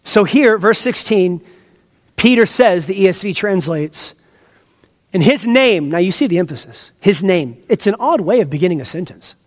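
A man with a high voice preaches an earnest, teacherly sermon. He leans on key words for emphasis and breaks off for asides to his listeners. His voice rings out with a long reverb, as in a church sanctuary. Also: lively intonation, moderate pace. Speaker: pastor. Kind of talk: expository sermon.

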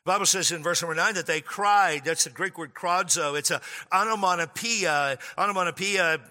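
A male pastor preaching a sermon in an animated, joking way, stretching key words out for emphasis. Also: sits high, normal speed, big-room sound.

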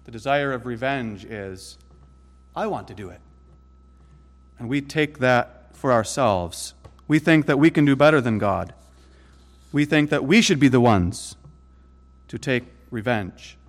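A man preaching a sermon in an earnest way, rising to emphatic peaks and then dropping low and soft. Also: expressive, a little slow, pauses often.

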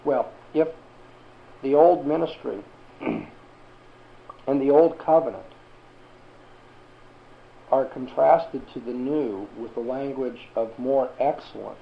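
Male Bible teacher, gravelly voice, questioning the class, dull recording. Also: mid-range voice, takes it slowly, long pauses, slight background noise.

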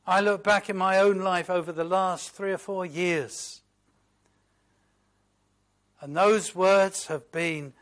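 A man preaching a sermon, slow and emphatic, moving from loud declarations to hushed, reflective asides. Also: sits high. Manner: quotes hymn lines in a reflective voice.

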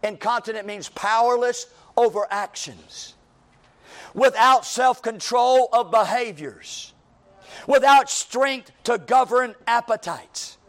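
A man preaching a fiery church sermon, swinging from shouted lines to low, intense passages with repeated emphasis. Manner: repetitive, drawn-out emphasis.

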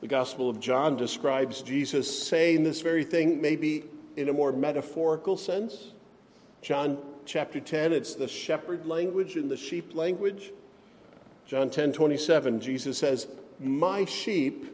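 A man preaching a sermon as pastor, speaking slowly and deliberately and giving scripture readings extra weight. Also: fairly high pitch, darkish tone, big-room sound.

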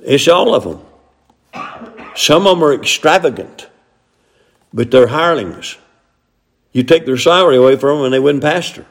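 Older man, pastor, folksy sermon, amens, slightly high voice. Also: lively intonation, moderate pace, long pauses. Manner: folksy preaching with frequent amens.

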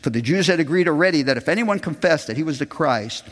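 A pastor preaches a sermon in an expressive, quick voice that echoes with a big-room sound. He reads scripture aloud, raising his pitch to voice the people quoted, and addresses the congregation as "folks."

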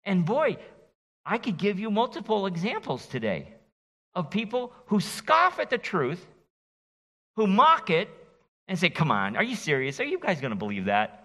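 A middle-aged pastor giving an expository sermon in a church, animated and folksy, joking with his congregation. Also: high-pitched, moderate pace. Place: church sanctuary. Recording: reverberant church hall.

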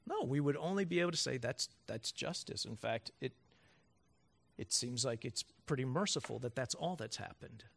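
A man's voice: mid-range voice, normal speed, vocal fry. Pastor guy preaching, voice swings way up and down, asks the room lots of questions. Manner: animated, emphatic rhetorical questions. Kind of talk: sermon.

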